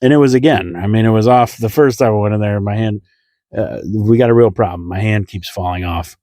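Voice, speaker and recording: Comedian dude rambling thru a funny story, mellow low voice, dry close mic. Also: male voice, brisk, no room sound. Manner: rambling, amused, chuckles while telling. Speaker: comedian, podcast host. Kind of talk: comic storytelling.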